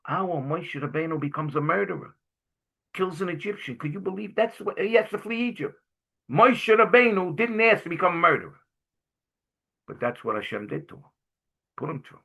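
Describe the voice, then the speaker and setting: A jovial middle-aged man from Brooklyn speaks to a class as a guest speaker. His voice is husky and bright. He tells his stories with animation and keeps clearing his throat between them. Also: a little high, animated, moderate pace. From Brooklyn, New York. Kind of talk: storytelling talk to a class.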